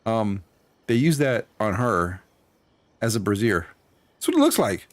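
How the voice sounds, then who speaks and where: A man's voice: fairly low pitch, very animated, a little slow. A man with a Hispanic accent giving casual, laughing commentary while streaming a game. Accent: Hispanic-accented English. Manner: laid-back, laughing, rambling.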